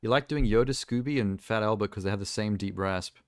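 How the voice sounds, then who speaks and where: A man's voice: on the low side, a little fast, no echo. Rambling male streamer, dry sound. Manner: rambling, ranting, self-amused. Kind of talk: casual live-stream chat.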